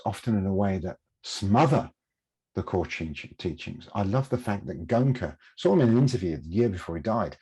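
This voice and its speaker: A man, a podcast guest, telling lively anecdotes in a casual interview and laughing at himself. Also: lowish voice, breathy edge.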